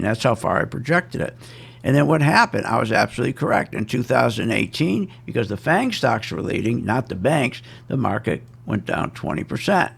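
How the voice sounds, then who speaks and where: A man's voice: mid-range voice, big pitch swings, a little fast, creaky, a bit bright, breathy edge. A man giving casual, emphatic and self-assured stock market commentary, repeating his points.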